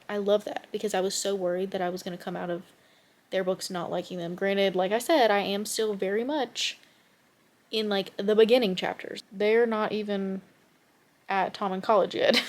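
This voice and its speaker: A woman's voice: medium pitch, fairly even intonation, normal speed. A young woman in her twenties chatting casually and expressively in a reading vlog, often ranting with strong feeling. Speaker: book vlogger.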